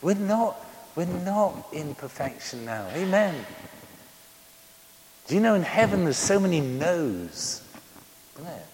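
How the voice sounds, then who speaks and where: A man in his sixties preaching a sermon, joking and telling stories between repeated amens. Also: a little high. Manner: animated, joking storyteller with many amens. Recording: reverberant hall with faint noise.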